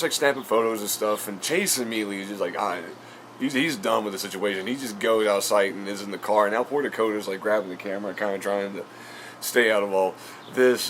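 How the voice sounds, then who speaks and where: A man's voice: lowish voice, a bit bright, a little hiss or hum. A man hosting a podcast, telling a casual story full of fillers and offhand swearing. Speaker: podcast host and comedian.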